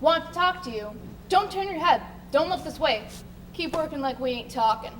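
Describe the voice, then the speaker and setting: A woman's voice: high-pitched, expressive, moderate pace, fairly bright tone. A woman playing a bitter, rebellious male sailor with coarse, crude talk in a live stage play. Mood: furtive, urgent. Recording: stage recording with faint noise.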